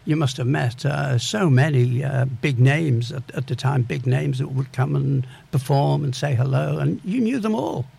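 Gravelly, husky interviewer man. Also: medium pitch, normal speed, hardly any pauses, warm tone. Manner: enthusiastic, prompting. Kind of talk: interview questions.

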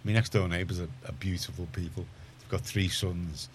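Rambling Liverpool-accented radio host, deep voice. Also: male voice, steady tone, a little fast, a little hiss or hum. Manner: rambling, self-correcting, gets heated and emphatic. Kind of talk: casual radio chat. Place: radio studio.

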